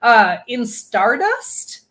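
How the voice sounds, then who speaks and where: A woman co-hosting a casual podcast chat, talking in animated, quick bursts of enthusiasm. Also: a little high. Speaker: podcast co-host.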